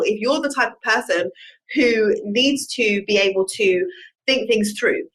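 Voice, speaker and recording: A woman's voice: mid-range voice, fairly bright tone, rough recording. A woman, hosting a solo podcast in an earnest, reflective way with personal examples. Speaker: podcast host.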